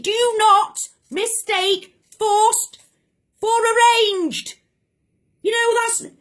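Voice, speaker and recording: A woman's voice: very high voice, fairly bright tone. An angry woman ranting to camera, impassioned and repeating phrases for emphasis, saying she is shaking with anger. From Britain. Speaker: vlogger. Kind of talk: political rant to camera.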